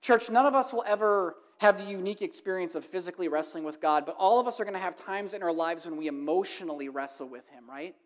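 A woman's voice: fairly low pitch, fast talker, few pauses. A woman preaching a sermon to her congregation, emphatic and building to impassioned, repeated questions. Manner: emphatic, rising to impassioned repetition.

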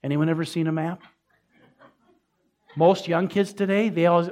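A man's voice: a little high, steady tone, normal speed, a little mellow, highs cut off. A man preaching a sermon as pastor, speaking conversationally with asides to the congregation and rising emphasis. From Minnesota.

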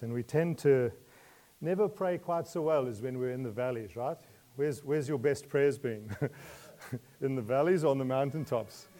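This is a sermon from a man with a mid-range voice. Questioning his listeners and chuckling softly between points, he goes from muted asides to loud, emotional appeals.

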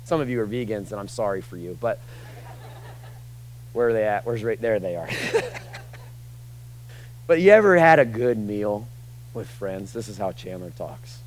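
Joking pastor with loud emphatic bursts. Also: male voice, fairly low pitch, lively intonation, normal speed, pauses often, low-quality recording. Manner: conversational, joking, swings from quiet asides to loud emphatic bursts. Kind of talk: sermon. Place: church.

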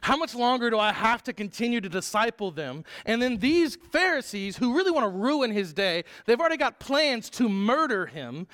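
High-voiced earnest male preacher. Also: a bit bright. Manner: earnest, emphatic, with small restarts. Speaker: pastor. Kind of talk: sermon.

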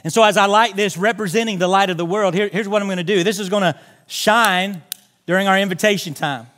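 A man's voice: high voice, a little fast, a bit bright. A pastor preaching a sermon in a church, making earnest, direct appeals to his congregation. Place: church sanctuary.

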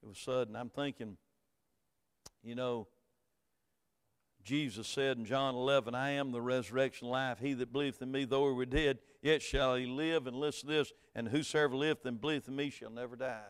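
In a hall-reverb recording, a middle-aged Southern American pastor tells stories through his sermon, swinging from soft asides to loud, emphatic preaching. His mid-range voice holds a steady tone and moves fairly quickly and smoothly.

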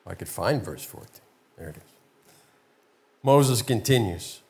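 Slow, earnest male preacher. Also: on the low side, animated, creaky, a little mellow. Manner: slow, heartfelt preaching with frequent repeats. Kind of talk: sermon.

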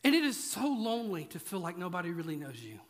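A man's voice: high-pitched, big pitch swings, quick pace. A man preaching a sermon in a casual, joking way, driving points home with repetition. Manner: conversational, joking, emphatic repetition. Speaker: pastor. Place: church auditorium. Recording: echoey church hall.

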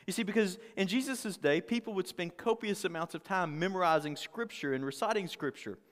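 A man's voice: high-pitched, a little fast, in a large hall. A male pastor preaching a conversational sermon, often repeating words and asking the congregation questions.

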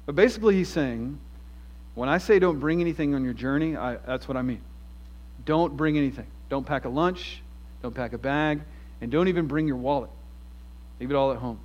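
A man's voice: medium pitch, a little fast, darkish tone, muffled recording. A man preaching an expository sermon, earnest and emphatic, asking his listeners rhetorical questions.

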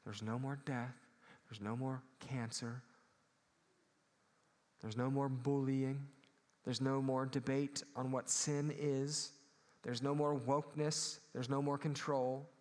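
A Midwestern pastor preaches to his church in an earnest voice, often pausing to ask for an amen. His voice sits at an ordinary middle pitch for a man. The sound carries a long reverb from the hall around him. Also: level tone, darkish tone. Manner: earnest preaching, calls for amens. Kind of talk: sermon.

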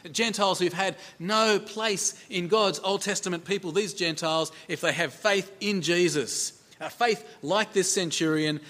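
Man, preacher, sermon, conversational, repeats phrases, rhetorical questions, slightly high-pitched. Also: pushed and bright.

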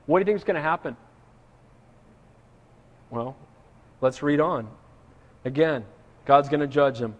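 A man with a high voice preaches a sermon, reading scripture aloud and then explaining it. He speaks earnestly and addresses the congregation directly. His voice carries a long reverb, as if he were in a large hall. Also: lively intonation, normal speed. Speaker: pastor.

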